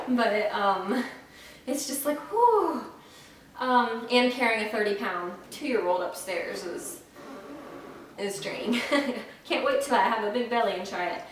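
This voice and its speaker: A young woman from Florida chats frankly into a camera set back from her, filling pauses with ums and restarting her thoughts. She sounds dry-mouthed and slightly out of breath. The room is strongly echoey, with a faint hiss underneath. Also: on the high side, distant mic. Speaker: vlogger. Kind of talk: casual pregnancy update vlog. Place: at home, indoors.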